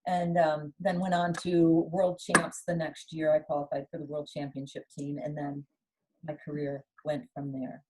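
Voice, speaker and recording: A middle-aged woman, a former athlete, telling her story in an interview with lively storytelling and acted-out dialogue. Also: deep voice, normal speed, poor audio. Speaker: guest, former Olympic skier. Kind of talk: conversational interview.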